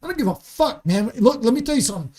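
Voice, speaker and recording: A man's voice: extremely high pitch, big pitch swings, fast, warm tone, breathy edge. Heated, swearing man on a podcast. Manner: heated, emphatic, swearing freely. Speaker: comedian guest. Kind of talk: podcast conversation. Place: studio.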